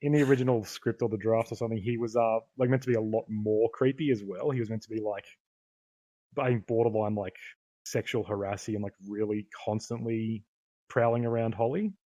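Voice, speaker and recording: A man's voice: fairly low pitch, fairly even intonation, brisk, dark tone, dry recording. A man co-hosting a casual film podcast, laughing often and acting out quoted lines. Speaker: podcast co-host.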